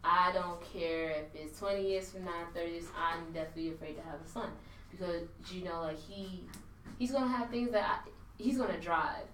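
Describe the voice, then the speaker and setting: Young female panelist, lowish voice, heartfelt, distant mic with faint room noise. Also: a bit bright. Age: young adult. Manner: candid, heartfelt, swears casually. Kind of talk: casual panel discussion. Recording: echoey room, mic far off.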